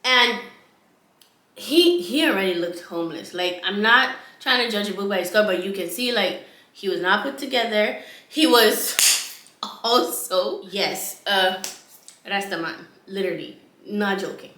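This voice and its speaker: A woman vlogger telling a story in a casual, animated way, often laughing and repeating lines for effect. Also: medium pitch, unhurried, reverberant.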